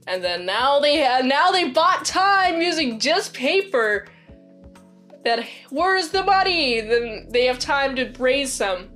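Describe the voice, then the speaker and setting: High-voiced woman rambling through a movie recap. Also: a bit bright. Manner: rambling, self-interrupting, giggly. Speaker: movie reviewer.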